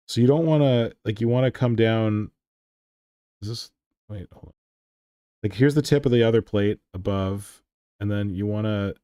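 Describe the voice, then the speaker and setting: A man's voice: lowish voice, warm tone, dry recording, clean studio sound. A man hosting a hobby stream, chatting casually while he shows how to modify model parts and talks through gluing them. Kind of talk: casual chat and hobby demonstration.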